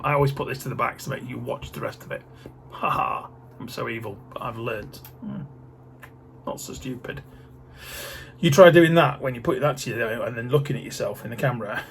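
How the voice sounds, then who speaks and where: A man's voice: medium pitch, creaky, slight background noise. A middle-aged man, chatting casually on his vlog in a rambling, joking way full of fillers. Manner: rambling, jokey, many fillers. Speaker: vlogger.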